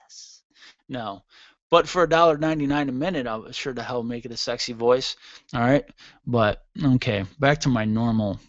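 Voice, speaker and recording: A man's voice: medium pitch, fairly quick, dry recording. Sarcastic man ranting on talk radio. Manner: sarcastic, rambling, irreverent jokes. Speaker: radio show host. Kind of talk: solo comedic talk radio rant. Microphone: studio mic with mixer. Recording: dull lo-fi dry sound.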